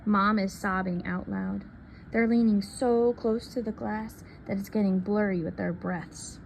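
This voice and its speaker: A woman reads a picture book aloud, soft and unhurried, at a middling pitch. A faint hiss of ambience sits under her voice. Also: steady tone, creaky. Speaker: reader.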